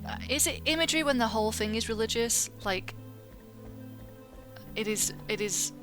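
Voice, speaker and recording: A woman's voice: a little high, animated, normal speed, fairly bright tone, faint music behind. A woman playing a video game and talking casually over it, chatty and self-mocking, now and then swearing at the game. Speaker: gaming video host. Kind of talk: casual let's play commentary.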